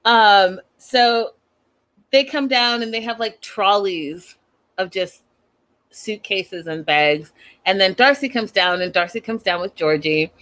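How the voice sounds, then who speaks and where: Brief: animated, sassy female host, casual slangy recap, mid-pitched voice. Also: slow pace.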